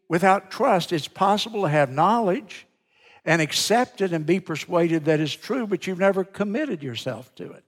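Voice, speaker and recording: A man preaching a sermon, telling folksy stories and swinging from loud to hushed. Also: on the high side. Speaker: pastor. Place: large church sanctuary. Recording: long church reverb.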